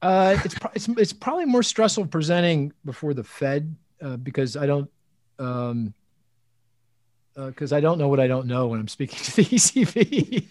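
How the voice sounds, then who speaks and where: A man hosting an interview, asking questions and telling stories in a lively, chatty way with frequent restarts. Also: a little high, normal speed, no echo. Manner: animated storytelling, frequent restarts and laughs. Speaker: host. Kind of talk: casual interview chat.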